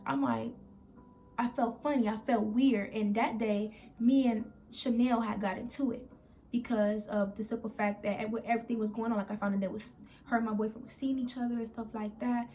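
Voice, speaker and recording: Young woman with a gravelly, higher-pitched voice. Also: steady tone, normal speed, dark tone, slight background noise. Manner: candid, rambling, restarts and quotes others. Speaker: vlogger. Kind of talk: emotional storytime vlog.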